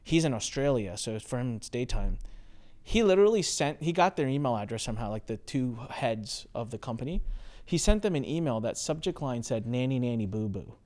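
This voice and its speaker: A man hosting a podcast, telling anecdotes in casual conversation and acting out quoted exchanges with sudden jumps in pitch. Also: animated, fairly quick, a little mellow. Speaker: podcast host.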